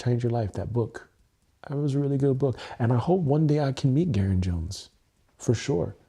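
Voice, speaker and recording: A man speaking straight into his webcam during a solo livestream, with a deep, gravelly voice. He sounds earnest and emotional, swears freely and circles back over the same phrases. The tone is mellow and a bit husky. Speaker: content creator. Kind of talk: solo livestream monologue, EFT tapping. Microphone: webcam mic, looking into camera.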